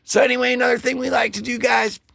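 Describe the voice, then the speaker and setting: Gravelly, bright-voiced comic book host. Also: male voice, very high voice, level tone, dry recording, studio quality. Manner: joking, rambling, voices characters in quick asides. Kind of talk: casual comic read-through.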